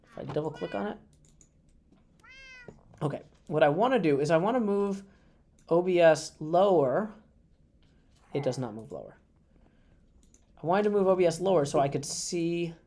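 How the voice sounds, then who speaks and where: A man hosting a live stream in a mellow, warm tone, spinning a meandering story full of ums and asides. He chats casually from his streaming computer at a convention. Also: fairly high pitch, expressive, moderate pace, pauses often, slight background noise. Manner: rambling, chatty anecdotes with many fillers. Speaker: livestream host. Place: indoors at a gaming convention. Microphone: streaming setup at a computer.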